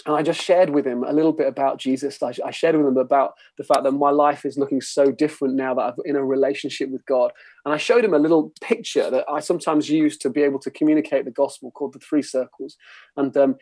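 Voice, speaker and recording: A man's voice: mid-range voice, fairly even intonation, fast talker, a little mellow, no echo. A man giving an earnest, conversational church teaching talk, often checking in with "okay?" as a pastor.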